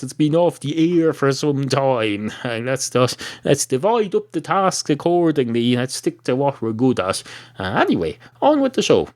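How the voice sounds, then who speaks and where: A man's voice: medium pitch, sing-song, moderate pace, darkish tone. An Irish man hosting a comedy podcast, talking in a digressive, rambling monologue. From Ireland. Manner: digressive, many fillers and restarts. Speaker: podcast host.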